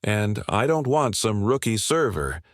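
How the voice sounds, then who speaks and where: A man voicing a loud, rude male diner from Texas who mocks and complains. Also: lowish voice, sing-song, a little slow, no room sound, studio quality. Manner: brash, mocking, complaining.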